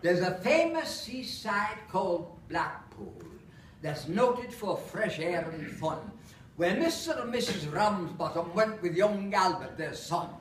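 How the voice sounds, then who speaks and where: A man with a Lancashire accent reciting a comic verse monologue in a steady rhythm. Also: high-pitched, measured pace, a little hiss or hum. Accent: put-on Lancashire. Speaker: storyteller. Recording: roomy, mic far off, faint ambience.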